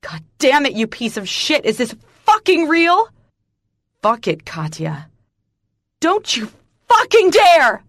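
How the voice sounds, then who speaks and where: A woman's voice: lowish voice, a little slow, dry recording. A woman voicing a furious, betrayed young woman who screams at her husband, her voice cracking.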